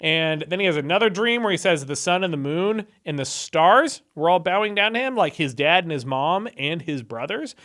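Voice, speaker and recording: A man's voice: fairly high pitch, animated, moderate pace, few pauses, fairly bright tone. A young man with a slightly raised voice talks through scripture in a chatty, irreverent way. He adds sarcastic asides as he goes, like someone hosting his own channel. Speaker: video host retelling Bible stories. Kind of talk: casual commentary.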